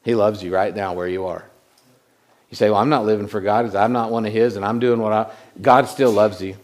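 A man preaching a sermon in a conversational way, often repeating words and swinging from loud lines to hushed ones. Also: fairly low pitch, steady tone, brisk. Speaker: pastor.

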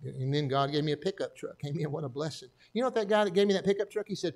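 A man's voice: on the high side, very fast, a little mellow. An older man, a pastor preaching a folksy sermon and telling stories with jokes and asides. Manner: folksy, joking storyteller with frequent asides.

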